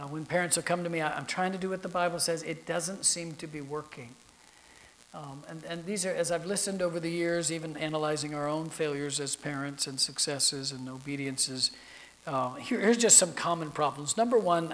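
A man's voice: fairly high pitch, fairly bright tone, low-quality recording. A middle-aged man, a pastor, teaching a class for parents in a conversational, anecdotal way, laughing often.

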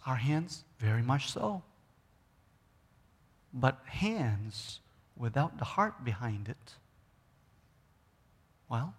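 A middle-aged man preaching a sermon as a guest speaker in a church, animated, swinging from loud emphasis to near-whispers. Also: medium pitch, breathy edge. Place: church sanctuary. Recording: long reverb of a church hall.

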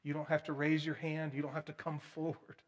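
With earnest emphasis, a man preaches in a voice sitting a little high for a male. He speaks somewhat fast and mostly flat, yet he punches certain words loudly before dropping into a soft, hushed plea.

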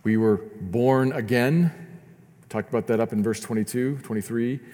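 A man's voice: medium pitch, normal speed, dark tone, big-room sound. A man preaching a sermon as pastor, earnest and often repeating words as he builds his points.

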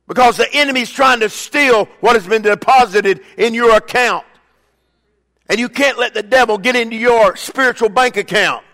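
Older male pastor, high-pitched, preaching in a reverberant church sanctuary; dynamic delivery from quiet asides to loud emphasis. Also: normal speed. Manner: preaching with call-and-response, swinging between loud emphatic bursts and quiet asides. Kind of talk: sermon. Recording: long reverb of a church hall.

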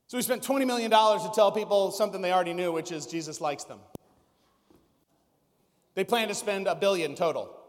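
High-voiced pastor preaching in a reverberant hall. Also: male voice, fairly quick, pauses often. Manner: conversational preaching with rhetorical questions. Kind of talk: sermon.

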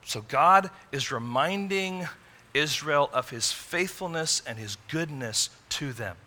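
A man preaching a sermon in an earnest way, rising to emphatic peaks and dropping low and quiet. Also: lively intonation, slow pace. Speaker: pastor.

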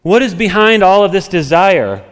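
A pastor preaches an expository sermon in a high-pitched, sing-song voice at a moderate pace. He talks it through conversationally, thinking aloud and drawing on everyday examples from home. Long hall reverb surrounds the recording.

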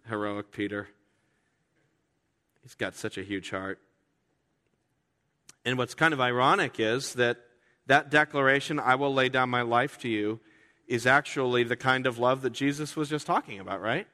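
A man preaching a sermon as pastor, talking in a conversational way and acting out quoted voices with sudden jumps in pitch. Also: normal speed, long pauses, sharp tone. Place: church sanctuary. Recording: reverberant hall.

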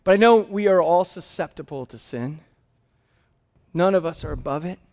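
A man in his thirties preaching a sermon as pastor, telling a family story with animated laughs. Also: on the high side, normal speed.

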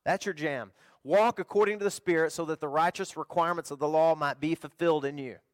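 A middle-aged pastor preaching in a folksy, animated style, climbing to loud emphasis and then dropping low. His voice sits a little higher than most men's, and the sound is close and dry. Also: a little fast, dry recording. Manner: animated, swings between loud emphasis and quiet storytelling. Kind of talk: sermon.

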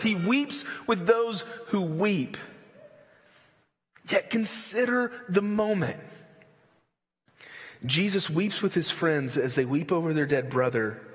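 A man preaching a sermon in a loose, animated way with slangy asides. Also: sits high, long reverb tail. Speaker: pastor.

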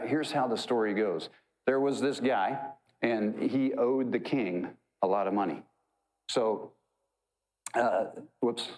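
A man's voice: medium pitch, darkish tone, low-quality recording. A man preaching a sermon, retelling a parable in a conversational, joking way. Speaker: pastor.

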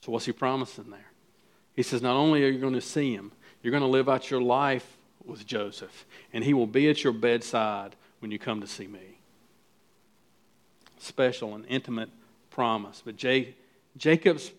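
A man's voice: medium pitch, normal speed, long pauses. A man preaching a sermon as pastor, earnest and building to emphatic peaks, with frequent restarts.

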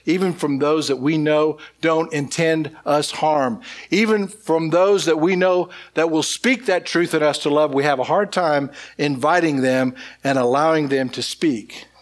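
A male pastor delivering a sermon in a voice pitched a little high for a man. He builds each point with repeated phrases and rhetorical questions. At times he drops almost to a whisper for emphasis.

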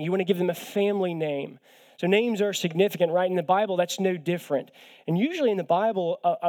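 A young man preaching as a guest speaker, his voice sitting a little higher than most men's. He keeps it conversational and easygoing, mixing gentle jokes at his own expense into the teaching and often doubling words as he goes. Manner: conversational with light self-deprecating humor, often repeats words. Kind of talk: sermon.

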